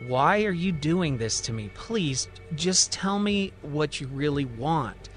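An insistent man who swears he is the president, as a male narrator puts him on, his voice set apart from the storyteller's usual tone. He speaks with firm conviction that slides into pleading, and his pitch sits a touch raised. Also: expressive, takes it slowly, faint music behind.

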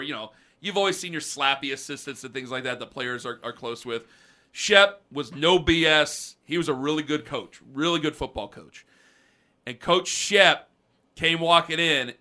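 A man co-hosting a sports podcast, telling a story casually and acting out the quotes. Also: fairly high pitch. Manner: animated, acts out quotes, shouts and drops to mutters. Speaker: podcast co-host.

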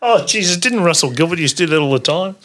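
A woman's voice: lowish voice, animated, quick pace. A woman hosting a podcast, reacting with mock-shocked exclamations and wrapping up the show. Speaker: podcast host. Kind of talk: casual chat.

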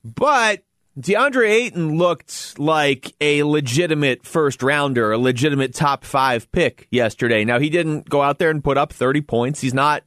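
A man's voice: fairly high pitch, a bit bright, no echo. A man hosting a sports radio show from a studio, talking casually and laughing often between points. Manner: chatty, laughs often, quick asides.

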